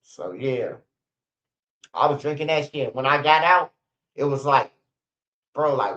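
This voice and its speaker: A man's voice: mid-range voice, animated, a little slow, long pauses, a bit bright. A man in his forties telling rambling, profane stories on a livestream, with many restarts and laughs. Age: 40s. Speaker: channel host. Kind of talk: casual livestream storytelling. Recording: roomy, dull lo-fi stream audio.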